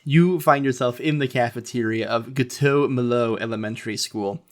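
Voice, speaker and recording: Man narrating a comic tabletop game, loose and jokey, medium pitch. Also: moderate pace. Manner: loose, joking, laughs often. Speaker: game master.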